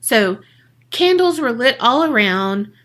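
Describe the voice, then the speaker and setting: Podcast co-host, woman, highish bright voice, lively casual storyteller. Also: slow. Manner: animated, swearing, acts out quoted people in slang.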